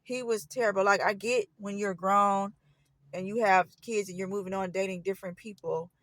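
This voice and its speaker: Her mid-range voice is fairly bright, with moderate pace, fairly even intonation and no room sound. As a storyteller vlogger, she casually relates a painful personal experience, rambling, correcting herself and sounding earnest.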